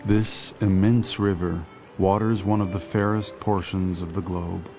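A man reading a historical passage in a solemn, measured way. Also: low-pitched, steady tone, darkish tone, soft background music. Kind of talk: scripted narration of a historical quote.

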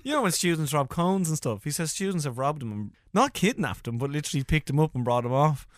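A man's voice: on the high side, quick pace, no echo, studio quality. An Irish man, a comedian, telling funny stories in a casual interview, laughing often and acting out the people in his stories. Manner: animated storyteller, laughs often, acts out voices. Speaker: comedian guest.

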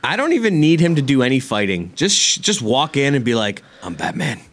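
A male co-host in relaxed podcast banter, dropping in quick questions and wisecracks. His pitch is ordinary, but his delivery swings widely. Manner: interjecting, joking reactions. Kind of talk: casual chat.

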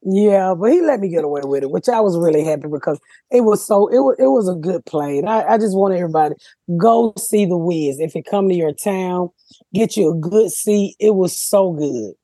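Casting: loud-mouthed woman host, husky, dry studio sound, brash profane storytelling. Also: fairly low pitch, animated, a little fast, no room sound. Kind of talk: casual podcast chat.

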